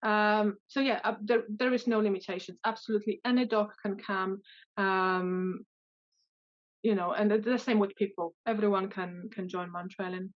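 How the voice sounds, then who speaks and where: A woman's voice: mid-range voice, fairly even intonation, moderate pace, muffled recording. A woman dog trainer answering interview questions in a hesitant way, with many fillers and restarts.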